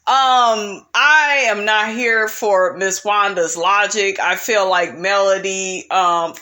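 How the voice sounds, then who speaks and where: A woman with a bright, punchy voice recapping reality TV drama in a sassy, opinionated gossip style. She sprinkles "honey" and "child" through her talk and passes blunt judgment on everyone involved. Her pitch sits in an ordinary middle register. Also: slow pace.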